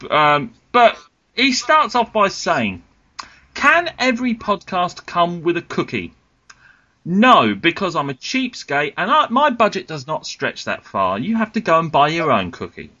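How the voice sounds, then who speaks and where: A man's voice: a little high, huge pitch swings, measured pace, bright, forceful tone. A man hosting a casual podcast, reading listener questions with exasperated, grumbling humour. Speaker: podcast host. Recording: dull lo-fi podcast audio.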